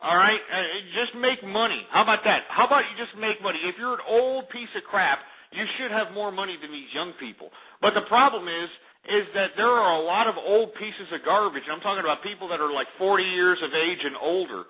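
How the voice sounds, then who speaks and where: A man's voice: sits high, brisk. A man hosting a call-in radio show, ranting and hurling insults at callers. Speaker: radio talk show host. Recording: lo-fi phone-like radio audio.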